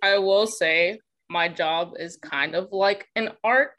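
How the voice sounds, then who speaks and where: A woman speaking with a Southern twang in a casual podcast chat. Her voice is bright and forward, and she laughs easily. She talks in a lively, animated way. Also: mid-range voice, takes it slowly, lo-fi sound. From Texas. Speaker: podcast co-host.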